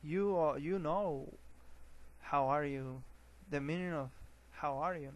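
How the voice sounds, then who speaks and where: A man teaching an English lesson, often restarting words and filling pauses with uh and um. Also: a little high, dull audio. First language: Spanish. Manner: hesitant, repeats words, many fillers.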